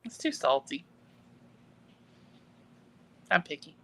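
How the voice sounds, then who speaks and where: A woman's voice: slow, pushed and bright, low-quality recording. A woman chatting casually on a video call, self-deprecating and laughing often. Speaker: podcast co-host. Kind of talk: casual chat. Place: home, packing for a trip.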